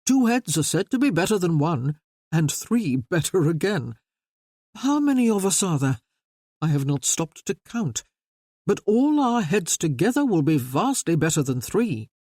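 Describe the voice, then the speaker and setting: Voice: mid-range voice, sing-song, measured pace, a little mellow, no echo, studio quality. A reader voicing a cheerful, eager young viscount.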